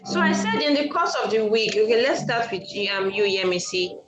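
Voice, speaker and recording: A woman's voice: medium pitch, animated, brisk, music in the background. A woman teaching French over a video call, encouraging and repeating her questions. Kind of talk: online class teaching.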